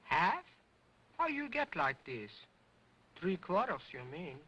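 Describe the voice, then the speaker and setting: A cheeky wooden boy dummy, cracking jokes in mangled grammar. His voice swoops up and down with lively pitch, and he takes his time over each line in early sound film style. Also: slow, muffled recording, background noise, heavily acted. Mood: boastful. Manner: sassy, broken grammar, mocking.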